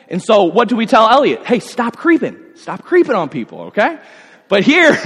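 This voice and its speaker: A man in his thirties preaching a sermon, animated and full of rhetorical questions and asides. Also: fairly high pitch. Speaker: pastor. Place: church sanctuary. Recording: long hall reverb.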